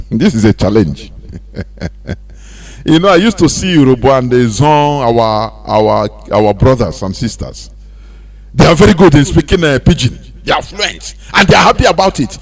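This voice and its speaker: A man's voice: mid-range voice, lively intonation, moderate pace. A man with a Nigerian accent hosting a radio show, delivering a preachy monologue full of rhetorical questions that slides into sing-song emphasis. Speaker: radio host. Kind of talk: impassioned monologue. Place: radio studio.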